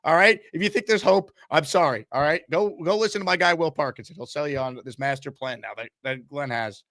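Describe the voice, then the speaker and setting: A man's voice: fairly high pitch, expressive, fairly quick, few pauses, pushed and bright, dry recording, clean studio sound. A man hosting a call-in sports talk show, talking in a sarcastic, exasperated ranting way.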